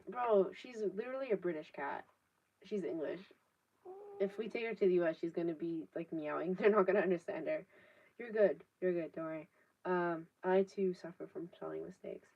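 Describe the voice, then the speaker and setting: A woman's voice: lowish voice, moderate pace, long pauses. A 19-year-old woman, chatting casually on a live stream, rambling with lots of fillers and casual swearing. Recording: distant, dull laptop audio.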